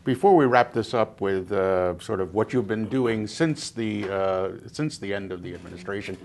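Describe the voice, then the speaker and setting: A male interviewer with a lowish voice frames his questions carefully. He pauses often with fillers as he searches for words. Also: a little mellow. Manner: measured, hesitant, with fillers. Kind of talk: oral history interview.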